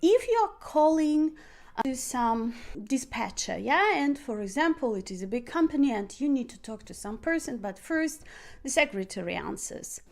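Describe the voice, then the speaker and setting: Loud-spoken woman teacher. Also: fairly high pitch. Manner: speaks loudly by habit; acts out example phone lines. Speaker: English teacher. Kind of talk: podcast lesson on phrasal verbs.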